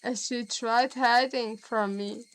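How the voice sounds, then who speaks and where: A woman with a German accent reads a visual novel aloud at an unhurried, deliberate pace. Her voice sits a little high, and she breaks off now and then to chat with her viewers. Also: steady tone, fairly bright tone, smooth, low-quality recording. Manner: slow, deliberate reading with laughs and asides to chat. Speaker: streamer.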